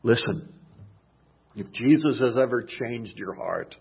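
A man preaching a sermon, dropping to hushed murmurs and rising to loud shouted passages. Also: medium pitch, slow pace, creaky, breathy edge, highs cut off.

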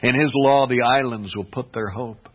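A pastor delivering a sermon, swinging between hushed, quiet passages and emphatic, rising ones. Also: male voice, mid-range voice, moderate pace, breathy edge. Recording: dull lo-fi recording.

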